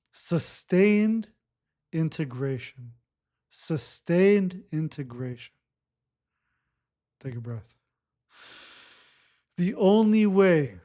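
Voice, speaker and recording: A man leading a guided breathwork session, speaking gently and repeating his cues. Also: a little high. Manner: slow, repetitive, gently instructive. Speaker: breathwork facilitator.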